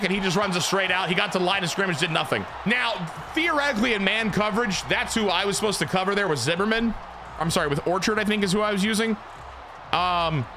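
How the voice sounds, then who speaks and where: A man's voice: high voice, pushed and bright, a little hiss or hum. A man giving casual, profane, joking play-by-play commentary while playing a football video game. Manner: joking, profane, self-deprecating. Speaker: gaming video host.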